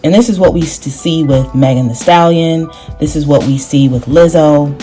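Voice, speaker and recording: Low, mellow woman hosting a commentary vlog. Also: faint music behind. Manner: measured, posing questions to viewers. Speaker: channel host.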